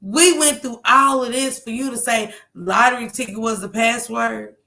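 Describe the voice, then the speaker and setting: A woman on a call, casually telling a story in animated fashion, laughing and swearing. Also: on the high side, moderate pace, vocal fry.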